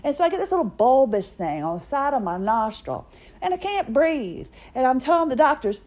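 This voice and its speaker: A woman's voice: high-pitched, sing-song, moderate pace, darkish tone. A middle-aged woman hosting a podcast, telling a personal story in a chatty, self-mocking way. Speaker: podcast host. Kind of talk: casual personal monologue.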